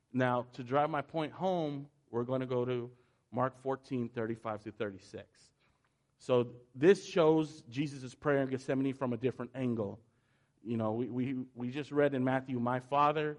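Earnest man teaching from scripture. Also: medium pitch. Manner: reads scripture in a quiet, even tone, then explains with earnest emphasis. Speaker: Bible teacher.

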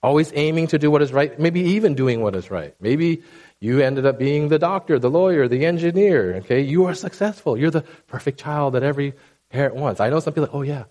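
A man preaching a sermon in a conversational, animated way, often checking in with the congregation. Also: on the high side, brisk. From Asian background.

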